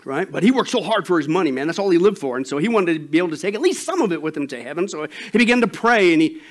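A man preaching a sermon as pastor, animated and emphatic, telling a joke story. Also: fairly high pitch, racing.

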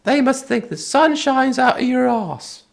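A man putting on the voice of his guitar repairman friend, exclaiming and teasing, pitched well above his own voice and set back from the mic. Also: animated, measured pace, vocal fry, exaggerated voice. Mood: envious teasing. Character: gruff excitable middle-aged male guitar repairman.

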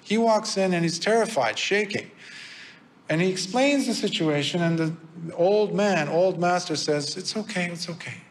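A man's voice: high voice, expressive, unhurried, slight background noise. Man monk telling a dharma story. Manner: storytelling, hesitant with fillers. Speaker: Buddhist monk teacher. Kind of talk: dharma talk. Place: temple prayer hall.

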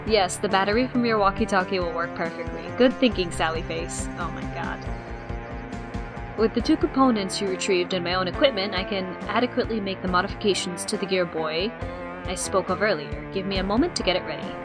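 A woman's voice: mid-range voice, a little fast, natural voice. Woman reading brainy young boy inventor, precise, wordy, video game, music underneath.

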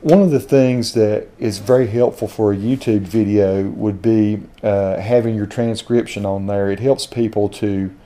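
A man with a Southern Appalachian accent, reviewing dictation software as he speaks punctuation commands aloud. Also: lowish voice, steady tone, measured pace, hardly any pauses. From Southern Appalachia, USA. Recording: home video.

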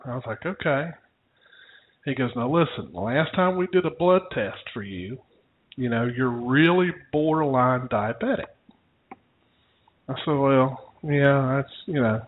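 A man's voice: medium pitch, lively intonation, a little slow, pauses often. Chatty man telling a story over tinny audio. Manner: rambling, chuckling anecdote teller. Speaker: podcast co-host. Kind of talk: casual storytelling chat.

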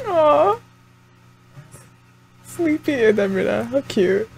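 A young woman talks her way through a reaction video, exclaiming and laughing at what she sees. Her pitch swings widely, and she speaks slowly and unhurriedly. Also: very animated, vocal fry, breathy edge. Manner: chatty, talks to the screen, exclaims and laughs often. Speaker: anime reaction channel host. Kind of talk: casual reaction commentary.

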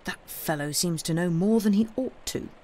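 A dark, suspicious doctor muttering peevish complaints as a man acts him out. Harsh and sour in a storybook reading. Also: sits high, moderate pace, natural voice.

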